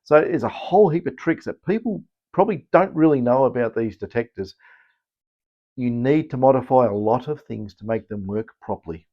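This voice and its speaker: A man's voice: medium pitch, animated, normal speed, muffled recording. An Australian man explaining electronics repairs in a casual, rambling way, with many fillers and restarts. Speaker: electronics technician and channel host.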